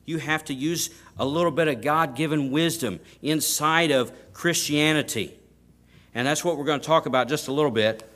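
A man's voice: fairly high pitch, moderate pace. A man preaching a sermon in a folksy, emphatic way, often restarting his sentences and punching key words. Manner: folksy, emphatic, rising to loud stresses.

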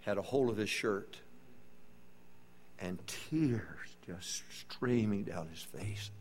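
A pastor preaching a sermon, telling a story in an earnest, folksy way. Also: male voice, lowish voice, lively intonation, takes it slowly, a little hiss or hum. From East Texas.

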